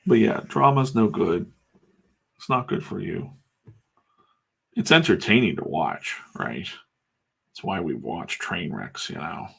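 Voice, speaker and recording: Middle-aged guy, low husky voice, rambling casual chat with some swearing. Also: sing-song, measured pace, long pauses. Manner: rambling, candid and profane. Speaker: comics artist and channel host. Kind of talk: casual talk while drawing.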